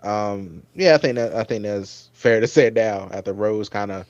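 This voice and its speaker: A man hosting a casual review chat, rambling and getting animated when he recalls his own reactions. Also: lowish voice, normal speed, no echo, muffled recording. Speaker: podcast host.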